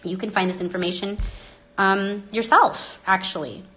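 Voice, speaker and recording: Bright-voiced, exasperated woman. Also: medium pitch, fairly even intonation, moderate pace. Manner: dramatic, exasperated, swinging between loud outbursts and hushed asides. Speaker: live-stream host. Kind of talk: rambling live-stream monologue.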